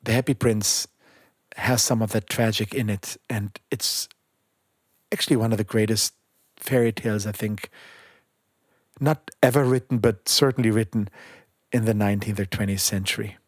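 A man reading a fairy tale aloud in a calm, measured way, with brief remarks about the story before he begins. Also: fairly low pitch, dry recording, clean studio sound.

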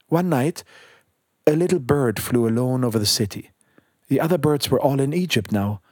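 A man reading a fairy tale aloud in a calm, measured way, with brief remarks about the story before he begins. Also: medium pitch, slightly rough, dry recording, clean studio sound.

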